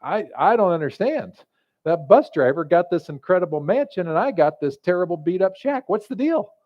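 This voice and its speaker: A man putting on a put-out pastor who can't believe what he got in the afterlife, puzzled and complaining. His voice is a bit high, and the sound is slightly muffled. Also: lively intonation, normal speed. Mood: indignant. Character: indignant male pastor in the afterlife, feeling shortchanged.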